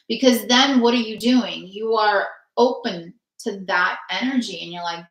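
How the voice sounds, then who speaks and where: A woman hosts a spiritual healing session, talking earnestly in long runs heavy with fillers in a casual spiritual chat. Her voice is medium-pitched and a bit bright, at normal speed with few pauses, recorded in an echoey room.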